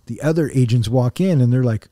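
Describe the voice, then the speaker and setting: Male podcast co-host, mellow, warm voice, dry close mic, relaxed and blunt in casual film talk. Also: mid-range voice, fairly quick, no echo. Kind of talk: casual movie review chat.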